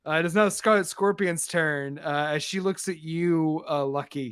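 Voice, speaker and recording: A man narrating as game master of a tabletop game, casual and quick with many fillers. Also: on the high side, a bit bright, smooth, no echo, studio quality.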